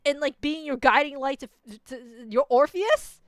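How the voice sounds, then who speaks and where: A young gaming streamer with a high voice talks at a moderate pace in a dry recording. Playing a story game, she rants casually and with exasperation, packing her commentary with fillers, especially "like."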